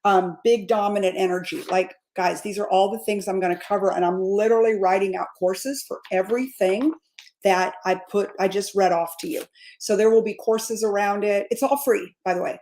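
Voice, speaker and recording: A woman in her fifties, a sales coach giving an energetic, repetitive pep talk straight to her viewers, often calling them guys. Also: medium pitch, normal speed. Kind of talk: motivational livestream talk.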